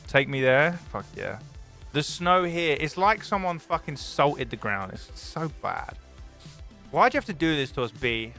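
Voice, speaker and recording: A young British man chatting casually on a stream, excitable and swearing freely, swinging between loud enthusiasm and mock gloom. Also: mid-range voice, unhurried, faint music behind.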